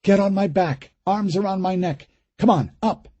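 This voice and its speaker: A man voicing a desperate middle-aged father protecting his daughter, urgent and hushed. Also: high-pitched, normal speed, dry recording, dull audio, voice pushed up.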